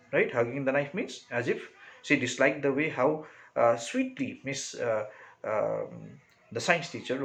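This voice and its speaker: A male teacher with an Indian English accent walks through a story line by line, tagging nearly every phrase with "right?" or "okay." His voice sits in a middle pitch, and a faint hum runs underneath. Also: a bit bright, poor audio. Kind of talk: explaining a story to a class.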